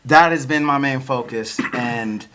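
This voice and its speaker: Relaxed male podcast host at mid pitch, chatty storyteller, laughs as he goes. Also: unhurried. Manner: laid-back, chuckles often, many fillers like "like" and "you know". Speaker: podcast host and battle rapper. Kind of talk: casual storytelling chat.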